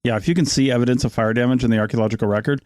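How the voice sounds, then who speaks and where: Male podcast co-host, middle-pitched, dry and joking, recorded close and dead. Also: steady tone, very fast, darkish tone, dry recording. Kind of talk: casual podcast chat. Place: RV parked near the sea.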